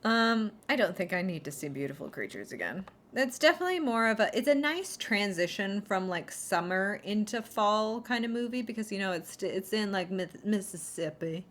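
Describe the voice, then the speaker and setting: A woman's voice: mid-range voice, big pitch swings, normal speed, hardly any pauses, fairly bright tone. A woman chatting casually on her livestream in a rambling, sarcastic way, heavy on fillers and restarts. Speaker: streamer.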